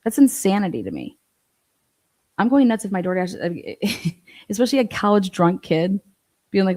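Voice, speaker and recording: A woman's voice: mid-range voice, big pitch swings, moderate pace, long pauses, warm tone. A woman giving blunt, profane, incredulous commentary on a true crime livestream.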